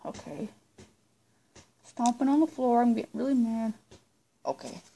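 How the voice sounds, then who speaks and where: A woman's voice: on the high side, sing-song, unhurried, vocal fry, mellow. A woman vlogger chatting casually to her viewers, rambling and repeating herself as she talks. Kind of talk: casual vlog chat to viewers.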